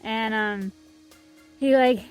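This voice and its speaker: A young woman with a somewhat high voice tells a story to the camera in a relaxed way. She fills her sentences with "like" and "um," talking loosely and cheerfully. Faint music plays underneath. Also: slow pace, clear, resonant tone. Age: young adult. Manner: chatty, many fillers like "like" and "um". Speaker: vlog co-host. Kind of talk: casual storytelling chat.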